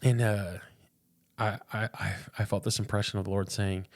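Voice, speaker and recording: A man's voice: fairly low pitch, fairly even intonation, normal speed. A young man and pastor, a podcast guest, telling a personal faith story in an earnest, casual way, often repeating words and saying "dude".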